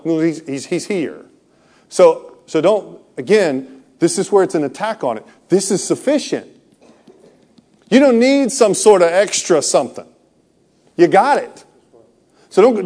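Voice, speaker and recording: A man's voice: on the high side, a little mellow. A pastor giving an earnest evening teaching, often restarting and repeating words as he talks.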